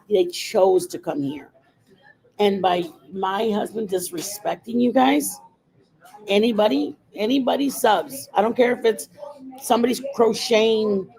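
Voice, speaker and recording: Lady doing her makeup on stream, just rambling and giving opinions, normal pitch. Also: warm tone, rough recording. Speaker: livestream host. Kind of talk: casual makeup livestream chat.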